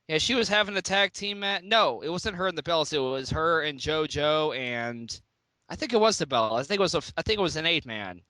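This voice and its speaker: A man's voice: a little high, moderate pace, sharp tone, no echo, low-quality recording. A man co-hosting a casual review podcast, recapping episodes in a wry, profane way. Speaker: podcast co-host.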